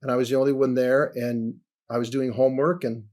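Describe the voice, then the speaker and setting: A man in his sixties, a podcast guest sharing a personal testimony in an earnest storytelling way, often dropping soft and low. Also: flat delivery, brisk. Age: 60s.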